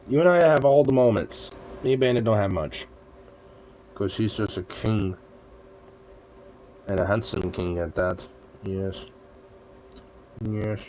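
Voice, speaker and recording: Slow-talking low-voiced man, casual and profane. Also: slight background noise, low-quality recording. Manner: profane, chatty, drops to soft baby talk with his cat. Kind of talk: casual chat.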